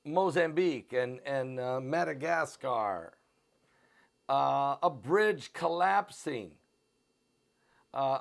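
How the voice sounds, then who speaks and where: Gravelly American Midwestern man, urgent pitch. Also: fairly bright tone. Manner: repetitive, urgent sales pitch with fillers. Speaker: host of a prophecy channel. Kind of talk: live-stream promotion and commentary. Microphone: on camera.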